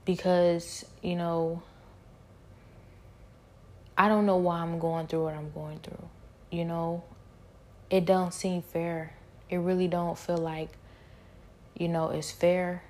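A woman's voice: fairly low pitch, little pitch movement, slow pace, long pauses, a little mellow. A woman pouring out her frustration in a personal monologue, with features, full of rhetorical questions and pleading.

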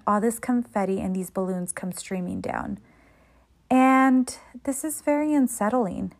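A woman's voice: mid-range voice, darkish tone. A woman casually recapping a soap episode in a loose, conversational way, with fillers and frank asides.

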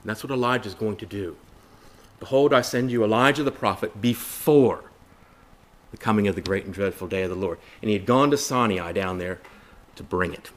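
A man's voice: on the low side, fairly quick. A man preaching a Bible study sermon in an earnest way, asking rhetorical questions, repeating phrases and calling listeners brothers and sisters.

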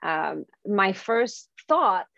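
A woman's voice: medium pitch, very animated, very slow, gravelly, pushed and bright, no room sound, lo-fi sound. A woman from Quebec with a French Canadian accent, a native French speaker and professional speaker, talking earnestly as an interview guest. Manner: earnest, eager, with frequent laughs. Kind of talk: podcast interview.

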